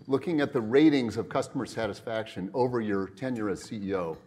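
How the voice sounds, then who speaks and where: A middle-aged man with a somewhat low voice hosts an onstage interview at a luncheon. He talks in a loose, rambling way, starting over and tossing in asides as he goes. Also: brisk, a little mellow, slight background noise. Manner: rambling, full of restarts and asides.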